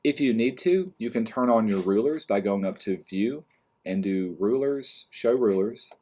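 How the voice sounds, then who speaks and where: Calm low-voiced man teaching software. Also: measured pace, a little hiss or hum. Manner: calm step-by-step explaining, trailing off quietly. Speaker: design instructor. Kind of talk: screen-recorded software tutorial.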